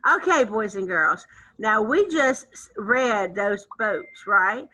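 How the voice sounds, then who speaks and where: A woman music teacher leading an online lesson for young children, chanting syllables in an animated, sing-song voice. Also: medium pitch, slow pace, low-quality recording. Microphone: computer mic on a video call.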